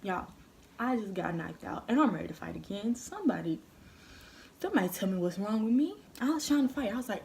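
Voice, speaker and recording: A young woman telling a story on her vlog, animated and profane, full of slang. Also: mid-range voice, a little fast, creaky, slight background noise. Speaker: vlogger.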